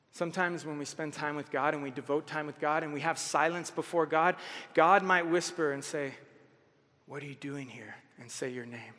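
A pastor delivering a passionate sermon. His fairly high male voice rises into loud exhortation and then drops to near silence, and it rings with a long reverb as in a large hall. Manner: passionate, swings from loud exhortation to hushed quotes.

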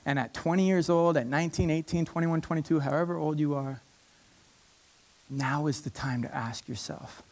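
A male preacher delivering a sermon with earnest passion. He leans on repetition to drive each point home, and his voice sits a little above the usual male pitch. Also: moderate pace, a little mellow. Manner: passionate, emphatic, repeats key phrases.

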